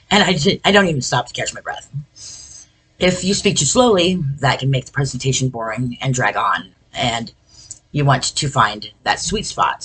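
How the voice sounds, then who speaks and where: A woman's voice: rumbling low, fairly bright tone, breathy edge. A woman giving an informal talk on speech delivery, chatty and self-deprecating, with many fillers and self-corrections.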